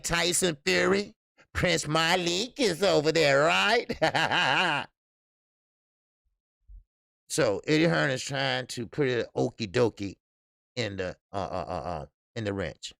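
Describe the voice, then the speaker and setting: A man's voice: fairly high pitch, creaky, fairly bright tone, no echo, clean studio sound. A man hosting a casual boxing live stream, blunt and profane, laughing often and greeting chat viewers. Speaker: boxing show host.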